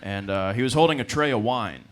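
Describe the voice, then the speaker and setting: Rambling young stand-up comic. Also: male voice, lowish voice, lively intonation, a little fast, fairly bright tone. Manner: rambling, self-deprecating, with frequent fillers and laughs. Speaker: stand-up comedian. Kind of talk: stand-up comedy set. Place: comedy club stage.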